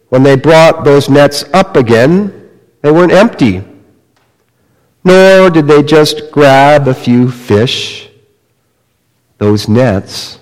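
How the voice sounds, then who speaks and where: Slow-preaching man in an echoing hall. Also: on the high side. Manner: slow, dramatic storytelling with wide swings in loudness. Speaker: pastor. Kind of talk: sermon. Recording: long reverb of a large hall.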